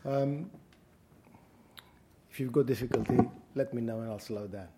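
A man with a Greek accent giving an academic lecture at a university, measured and deliberate with frequent pauses. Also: medium pitch, very noisy. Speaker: guest lecturer.

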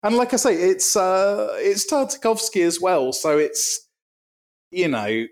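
A man co-hosting a podcast, chatting casually with a dry, deadpan delivery and vivid, gory descriptions. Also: high-pitched, unhurried. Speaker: podcast co-host. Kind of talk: casual comedic chat.

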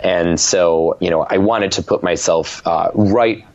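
Chatty deep-voiced man from Rhode Island. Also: a little slow, darkish tone, highs cut off. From Rhode Island, USA. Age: 30s. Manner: chatty and rambling, with many fillers and restarts. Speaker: guest, fitness instructor. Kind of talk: casual podcast interview.

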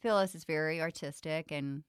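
A woman's voice: deep voice, moderate pace, clear, resonant tone, no echo, studio quality. A middle-aged woman with a Southern American accent, telling stories in an interview with lots of laughter and acted-out quotes. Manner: animated storyteller, acts out quoted lines, laughs often. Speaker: actress, interview guest. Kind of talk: casual interview chat.

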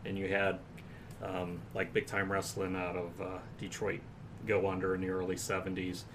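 A man's voice: sits low, completely flat delivery, normal speed, noisy background. A man from in a casual chat, explaining things plainly and matter-of-factly. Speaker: podcast co-host.

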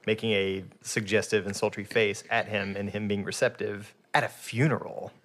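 A man hosting a podcast, recapping a TV episode in a casual, animated storytelling way. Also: fairly low pitch, moderate pace. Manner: animated storytelling with frequent laughs. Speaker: podcast host.

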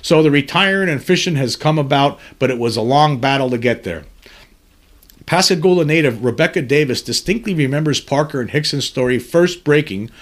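A man's voice: fairly high pitch, lively intonation, fairly quick. A man hosting a podcast, reading news articles aloud and adding earnest, somber commentary between the passages. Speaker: podcast host.

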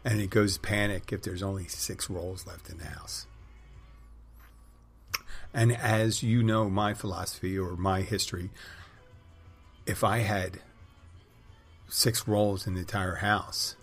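A man's voice: deep voice, fairly even intonation, slow, long pauses, breathy edge, soft background music. A middle-aged man hosting a podcast, telling wry, crude, rambling stories in a casual monologue. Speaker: podcast host.

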